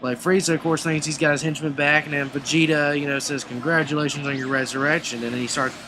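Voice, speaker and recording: A man's voice: a little high, level tone, quick pace, background noise. A man casually recapping anime episodes in a rambling way, full of fillers and restarts. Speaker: anime reviewer.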